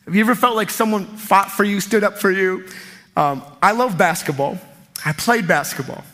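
A man preaching a sermon as pastor, energetic and emphatic, with sudden loud peaks. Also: high voice, moderate pace.

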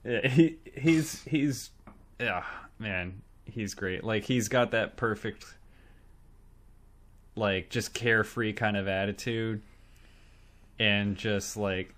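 A man's voice: fairly low pitch, slow, long pauses, a bit bright. A man in casual podcast chat about a movie, laid-back and joking. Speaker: podcast co-host.

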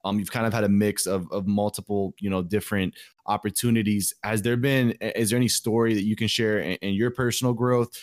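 A man's voice: on the low side, steady tone, fairly quick, dry recording, studio quality. A man hosting a podcast, asking a guest long, hesitant questions with many restarts. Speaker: podcast host. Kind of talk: interview questions.

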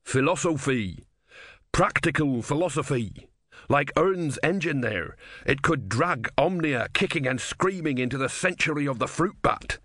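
A man's voice: on the high side, expressive, a little slow, bright, forceful tone, dry recording, clean studio sound, voice pushed up, full character voice. A man voicing a bitter, zealous young soldier who speaks fervently and scornfully in a storybook reading.

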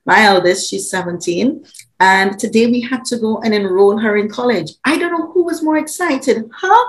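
A woman, talking as a parenting coach in an animated, laughing way. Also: medium pitch, normal speed, low-quality recording. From Trinidad. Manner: animated, laughs often, repeats words when excited. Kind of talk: conversational interview.

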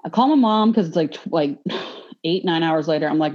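A woman's voice: on the low side, fairly quick. A woman in a casual podcast chat, telling a story bluntly, swearing freely and laughing along. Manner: blunt, profane, laughs through an animated story. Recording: muffled lo-fi podcast audio.

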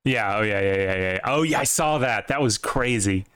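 A young man co-hosting a casual sports podcast, animated and swearing, with big jumps in pitch when excited. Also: normal speed, crowd noise. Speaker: podcast co-host.

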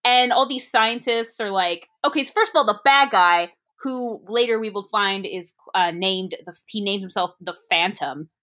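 A woman co-hosting a casual movie review chat, talking in rambling, quick asides. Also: mid-range voice, pushed and bright. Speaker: podcast co-host.

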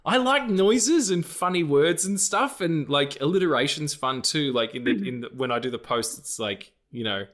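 A man co-hosting a film podcast, chatting casually in a rambling, profane way, breaking into animated rants and silly noises. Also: a little high, moderate pace, few pauses. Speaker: podcast co-host.

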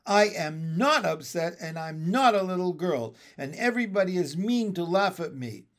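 A man reading a storybook aloud, voicing a stubborn young kindergarten girl who shouts high and loud. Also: very animated, measured pace, vocal fry, full character voice. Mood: furious.

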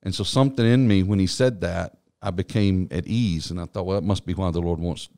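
A man's voice: deep voice, a little fast, dark tone. A man who works as a church administrator, earnestly and reflectively telling his personal testimony in an interview.

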